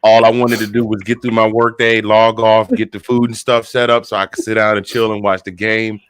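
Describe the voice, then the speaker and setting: A man in his fifties, an excited podcast guest, telling stories and acting out quotes, short on sleep. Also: fairly low pitch, a little fast, smooth, dry recording. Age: 50s. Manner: animated storyteller who acts out quotes. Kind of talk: excited casual chat.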